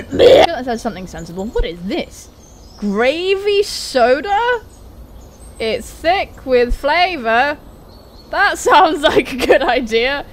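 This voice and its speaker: Woman gamer host, high lively voice, slow drawn-out delivery, playful with swearing, faint noise behind. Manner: playful and swearing, swinging from mutters to shouted outbursts. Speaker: gaming video host. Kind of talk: playing and joking over gameplay.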